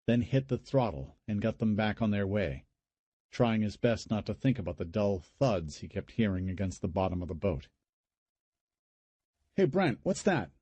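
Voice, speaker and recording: A man narrating a horror audiobook in a steady, measured way. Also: fairly low pitch, no room sound. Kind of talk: scripted narration.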